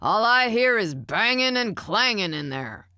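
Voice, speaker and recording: A woman voicing a grumpy man who yells complaints from his recliner in an audiobook. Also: sits high, big pitch swings, measured pace, smooth, dry recording, studio quality, voice pushed up, exaggerated voice. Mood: grumbling. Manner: loud, complaining. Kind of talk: audiobook character voice.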